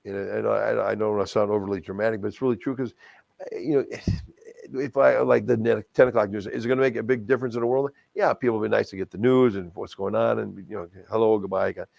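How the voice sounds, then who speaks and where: Man, middle-aged, from Wisconsin, gravelly voice, animated storyteller, stammered restarts, dry close sound. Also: on the low side, fast, no echo. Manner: animated, self-deprecating, many restarts and stammered repeats. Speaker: guest, charity auctioneer and stadium announcer. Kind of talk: casual interview storytelling.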